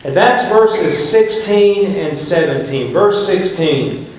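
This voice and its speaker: A man's voice: sits high, expressive, slow pace, a little hiss or hum. A male pastor preaching a sermon, emphatic, and painting scenes as he tells the story. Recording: very echoey church room.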